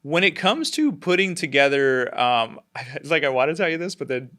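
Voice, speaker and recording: A man hosting a podcast interview, easygoing and quick to laugh. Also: a little high, animated, sharp tone. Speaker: podcast host.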